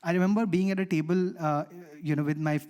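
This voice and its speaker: A man from India with an Indian English accent, telling a personal story as a conference panelist, lively and acting out the dialogue. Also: fairly high pitch, fast talker, clean tone. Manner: animated, acts out dialogue in his stories.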